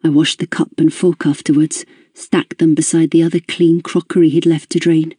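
An audiobook narrator giving a measured, introspective first-person reading of a novel. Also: medium pitch, flat delivery, dark tone, husky, dry recording, studio quality.

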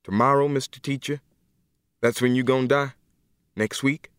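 A man's voice: medium pitch, fairly even intonation, moderate pace, a bit bright, smooth, no room sound, clean studio sound, natural voice. A man reading a bitter, taunting young prisoner. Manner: taunting, clipped rural dialect. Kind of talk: audiobook dialogue reading.

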